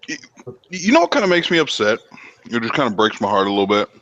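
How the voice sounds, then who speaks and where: A man's voice: medium pitch, wildly swooping pitch, quick pace, fairly bright tone, dull audio. A man hosting a casual late-night livestream while barbecuing, rambling and swearing with many restarts. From United States. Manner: rambling, profane, restarts a lot. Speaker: livestream host.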